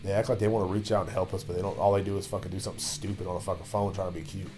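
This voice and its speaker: A podcast host with a low-pitched voice rants loosely on his own show, swearing constantly while drinking a beer. His delivery is flat and racing, with music playing underneath.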